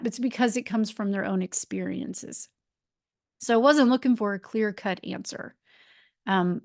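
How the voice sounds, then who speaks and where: A woman's voice: medium pitch, no room sound, clean studio sound. A woman in her forties hosting a solo podcast, talking in a chatty, rambling way with many fillers and restarts. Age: 40s. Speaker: podcast host and life coach. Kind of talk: casual solo podcast talk.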